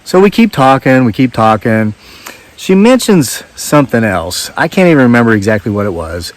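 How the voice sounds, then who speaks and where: A man's voice: mid-range voice, dry recording. A man vlogging outdoors in the woods, telling a rambling, wry story with lots of asides. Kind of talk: casual storytelling monologue.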